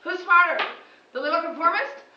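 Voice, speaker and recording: A woman teacher talking in an excited, rambling vlog monologue, laughing often and jumping between thoughts. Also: very high-pitched, a little fast. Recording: echoey room, distant dull lo-fi mic, faint noise.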